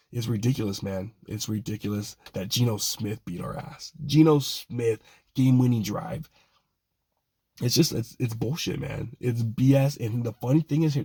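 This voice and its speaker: A man's voice: medium pitch, warm tone, husky, no room sound. A young man angrily ranting about his football team, swearing and exasperated, repeatedly apologizing for getting worked up. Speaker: fan channel host. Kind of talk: angry sports rant.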